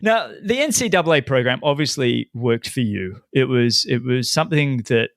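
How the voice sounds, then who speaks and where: A man's voice: medium pitch, expressive, normal speed, no echo, studio quality. A middle-aged man hosting a podcast, asking questions and telling stories in an enthusiastic, conversational way. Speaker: podcast host.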